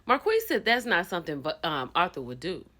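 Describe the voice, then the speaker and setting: A woman recapping a reality show in a gossipy, expressive way, acting out the people she quotes. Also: on the low side, fairly quick. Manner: gossipy and expressive, acts out quotes, bursts into laughter. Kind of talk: animated casual recap.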